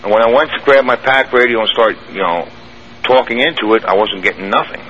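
This man speaks at a medium pitch and a brisk clip. He's a guest caller on a muffled, faintly hissing radio broadcast, rambling through a long first-person story in plain words and restarting now and then.

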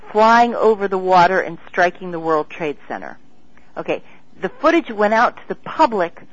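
A woman guest in an interview, talking in an excitable, rambling way with many restarts. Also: medium pitch, dry recording. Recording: dull lo-fi radio sound.

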